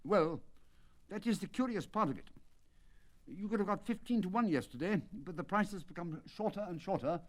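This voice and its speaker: A man's voice: high voice, animated, moderate pace, pitched above the performer's own voice. A man reading a storybook aloud and voicing an indignant, agitated colonel who owns racehorses. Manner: agitated, raised indignant outbursts. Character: excitable indignant male horse-owning colonel. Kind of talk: dramatic audiobook reading.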